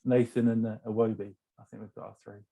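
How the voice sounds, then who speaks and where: Husky-voiced man laying out a theory. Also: on the low side, flat delivery, quick pace, mellow. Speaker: podcast panelist. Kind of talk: casual chat.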